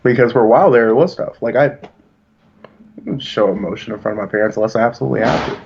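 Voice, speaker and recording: Man, thirties, mid-pitched voice, earnest and reflective, podcast chat, slightly muffled lo-fi recording. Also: fast talker, creaky, noisy background. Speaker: podcast co-host. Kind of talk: casual chat.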